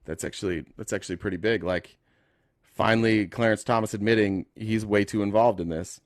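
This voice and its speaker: A man hosting a live call-in political talk show, speaking casually, joking and thinking out loud as he reads the news. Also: fairly low pitch, steady tone, a little fast, no echo, clean studio sound. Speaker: host.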